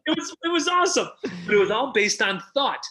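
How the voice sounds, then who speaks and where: High bright-voiced guy telling stories, super animated, acts out every line. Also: a little fast. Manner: energetic, acts out quotes with big pitch jumps. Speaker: podcast guest, relationship coach. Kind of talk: animated storytelling.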